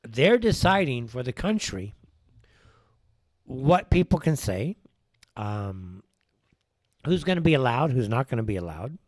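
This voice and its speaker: A man's voice: medium pitch, sing-song, a little slow, pauses often, dry recording. Opinionated male talk-show host, dry sound. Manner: opinionated, ranting, rhetorical questions. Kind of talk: live political talk-show monologue. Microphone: wears headphones while speaking.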